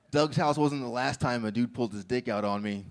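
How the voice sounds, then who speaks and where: A man doing a crude stand-up set, telling stories and laughing at his own jokes. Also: mid-range voice. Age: adult with a child. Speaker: stand-up comedian.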